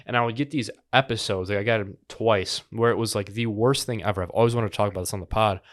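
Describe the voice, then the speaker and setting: A man's voice: on the low side, fairly even intonation, quick pace. A young man on a podcast, recounting a frightening experience in earnest casual chat. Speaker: podcast co-host.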